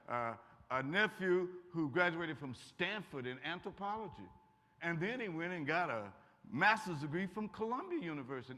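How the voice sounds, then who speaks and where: An older man with a bright, ringing voice tells stories to students in a folksy, joking way. He sits a bit above the usual pitch for a man. The sound carries the long echo of a large hall. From Kentucky. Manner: folksy, warm humor, acts out quotes. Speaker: guest speaker. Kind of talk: lively storytelling talk to students. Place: college auditorium. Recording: echoey hall.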